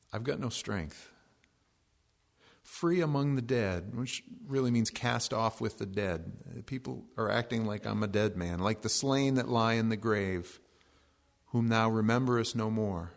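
A man preaching a relaxed sermon as pastor, cracking jokes between slow readings of scripture. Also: mid-range voice. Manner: conversational and joking, reading scripture slowly.

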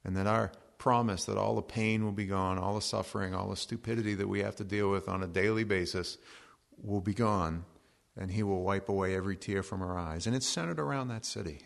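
Male pastor, low gravelly voice, easygoing joking sermon delivery. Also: fairly even intonation. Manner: conversational and joking, reading scripture slowly.

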